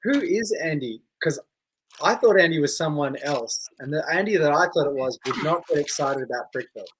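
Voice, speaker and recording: Joking Australian woman, lowish voice. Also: expressive, fairly quick, slight background noise, poor audio. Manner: joking, laughs often. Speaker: podcast co-host. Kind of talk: casual chat.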